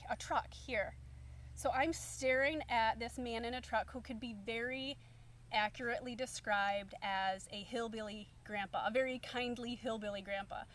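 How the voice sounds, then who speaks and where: A woman's voice: on the high side, a bit bright. A woman in her thirties, a stay-at-home mom, telling a story to camera in a chatty, upbeat way full of fillers. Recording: distant mic, faint background hum.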